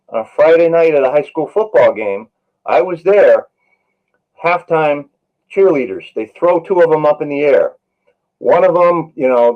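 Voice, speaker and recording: A man's voice: a little high, lo-fi sound. Earnest storytelling paramedic man. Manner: earnest, anecdotal, many "you know" fillers. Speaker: paramedic and author, interview guest. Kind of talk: storytelling in a podcast interview.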